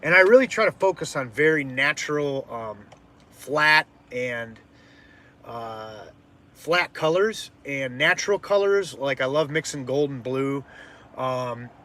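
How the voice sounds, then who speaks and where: A man hosting a casual live stream as an artist, rambling with lots of fillers and restarts, loud by his own account. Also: mid-range voice, lively intonation, unhurried. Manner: loud-mouthed, self-described.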